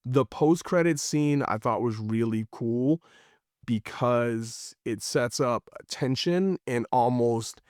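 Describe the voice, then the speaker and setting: A man hosts a casual review podcast in a playful, teasing manner. He sets up jokes with a deadpan build. His voice sits mid-range and sounds dry and close to the mic. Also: mid-range voice, slow, dry recording. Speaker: podcast host.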